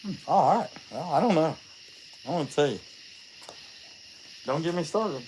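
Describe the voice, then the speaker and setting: A man's voice: fairly high pitch, a little slow, a little hiss or hum. A man chatting casually while hosting a carving livestream, rambling and joking with plenty of fillers. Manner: rambling, joking, many fillers, lively storytelling. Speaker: chainsaw carver and livestream host.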